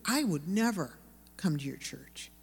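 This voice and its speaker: A woman's voice: deep voice, sing-song, unhurried, vocal fry, slightly rough, pitched below the performer's own voice, exaggerated voice. A blunt, resentful woman cashier with a harsh, clipped way of talking, as a female speaker acts her out. Her voice rings through a hall with a long, trailing echo. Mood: curt.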